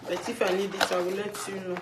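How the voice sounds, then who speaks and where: A woman's voice: mid-range voice, level tone, fast talker. Mom chatting to her viewers at home, casual and friendly, roomy echo, buzzing noise behind. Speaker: mother vlogger. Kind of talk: casual home unboxing vlog.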